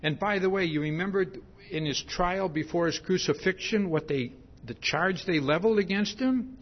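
A man preaching a sermon, slow and emphatic, tagging his points with "see?". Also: sits high, dull audio.

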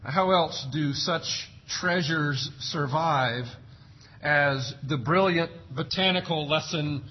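A man's voice: on the high side, slow pace, breathy edge, lo-fi sound. A man preaching a sermon as pastor, emphatic and full of rhetorical questions. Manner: emphatic, rhetorical questions, acts out parents' sayings.

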